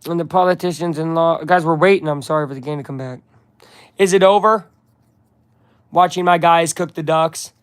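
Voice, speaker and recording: A chatty man on a live stream, talking casually and reading aloud between quick asides to his viewers. His voice sits a little high. The sound is dry and close, with no room echo. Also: clean tone.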